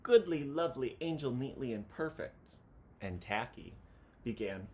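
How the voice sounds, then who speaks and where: A man reading a children's picture book aloud, chanting the counting cheers with animated delivery. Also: medium pitch, measured pace.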